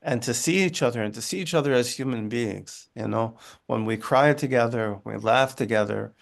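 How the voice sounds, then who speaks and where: A man, a guest on a video call from his living room, telling a personal story in a halting way with many restarts. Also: medium pitch, gravelly. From United States. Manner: halting, with frequent restarts and asides. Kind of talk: conversational storytelling.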